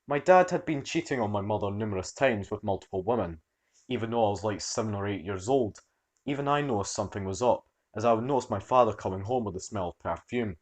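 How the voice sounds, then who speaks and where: A man narrating online stories in an animated, expressive storytelling manner. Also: lowish voice.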